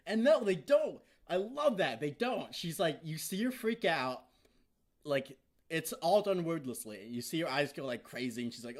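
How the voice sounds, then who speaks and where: Rambling, excitable man recapping an episode. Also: fairly high pitch, normal speed. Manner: excited, rambling, heavy swearing and filler words. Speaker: vlogger reviewing an episode.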